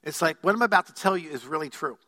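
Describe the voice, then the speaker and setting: A man preaches a sermon in a reverberant church sanctuary, his voice high and bright. He is emphatic and keeps putting questions to the congregation. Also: lively intonation, fast talker. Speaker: pastor. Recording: long hall reverb.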